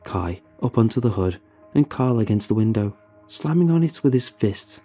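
Low husky male horror narrator. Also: mellow. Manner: measured, dramatic storytelling. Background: faint music.

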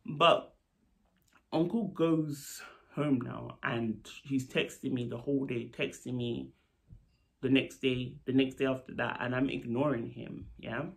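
Gravelly man telling a story. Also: medium pitch, unhurried. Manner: animated, lively retelling with asides. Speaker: storytelling vlogger; nurse. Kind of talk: casual storytime vlog.

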